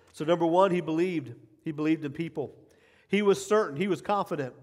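A middle-aged man preaching a sermon as pastor, emphatic, repeating key phrases and swinging from quiet asides to loud cheering. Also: a little high, moderate pace. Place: church sanctuary. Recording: long hall reverb.

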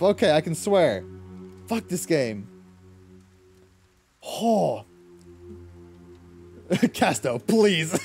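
An Irish man with a slightly high, very lively voice, chatting on a game livestream. He laughs a lot and swears at the game between chat replies. Soft music plays underneath. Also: extremely slow, pauses often. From Ireland. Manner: animated, laughing often, cursing at the game. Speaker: streamer. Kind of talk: casual gaming livestream chat.

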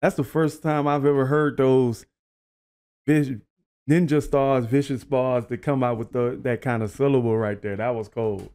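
Mellow-voiced man reacting to rap. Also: medium pitch, moderate pace, clear, resonant tone. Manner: breaks down lyrics, repeats lines, animated and impressed. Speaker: reaction video host. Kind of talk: casual reaction commentary.

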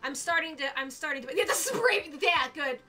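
Brief: young female streamer, very high, bright voice, excitable live commentary. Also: moderate pace, soft background music. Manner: excitable, gushing, squeals of delight.

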